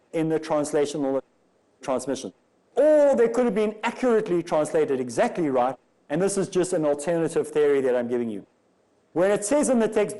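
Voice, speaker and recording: A man's voice: sits high, warm tone, rough recording. A man from Africa, giving a religious lecture and arguing through rhetorical questions. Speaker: Islamic lecturer.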